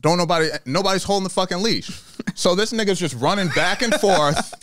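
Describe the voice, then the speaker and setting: A man, a stand-up comedian guest, telling a story in casual chat, profane and animated, laughing often. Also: high voice, a little fast, no room sound, studio quality. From New York.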